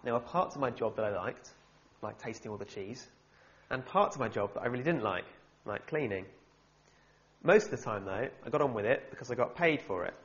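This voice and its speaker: A young man preaching a sermon, humorous and animated, with wry asides. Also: medium pitch, brisk. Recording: slightly dull, muffled sound.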